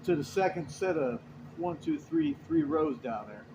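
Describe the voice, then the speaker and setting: Lively, cussing trucker man. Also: fairly high pitch, moderate pace, gravelly, background noise. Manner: rambling, profane, animated retelling. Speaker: truck driver. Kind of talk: casual storytelling.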